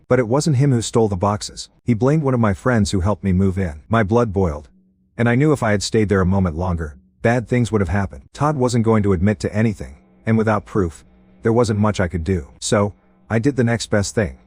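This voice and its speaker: Male narrator, low and husky, dry close read, steady first-person storytelling. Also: no echo. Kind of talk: scripted narration of a reddit story.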